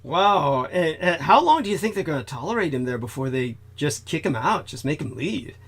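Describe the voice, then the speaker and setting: A man's voice: on the high side, big pitch swings, normal speed, fairly bright tone, husky. A man hosting a casual chat, hesitant and stammering, often restarting his sentences. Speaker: host.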